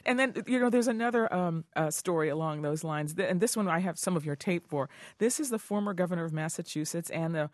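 A woman hosting an interview, chatty and quick to laugh as she questions her guest. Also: fairly low pitch, darkish tone, no room sound, studio quality. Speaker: radio interview host.

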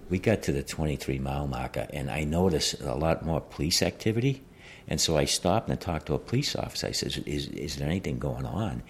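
Gravelly, very deep man in his 70s. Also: lively intonation, a little hiss or hum. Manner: plain, halting, conversational. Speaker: interviewee. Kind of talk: interview recollection.

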